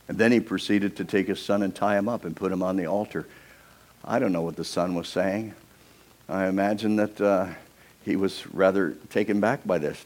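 A male pastor delivers a sermon as animated storytelling, voicing the figures he quotes and putting questions to the congregation. His voice is low, his speed normal, and he pauses often.

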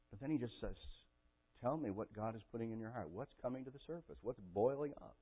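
A man preaching a sermon and telling a personal story with strong emotion, his voice swinging from loud and intense to quiet and soft. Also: medium pitch, lively intonation, quick pace, husky. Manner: emotional storytelling, rising to near-shouting. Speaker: pastor. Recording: tinny phone-like audio.

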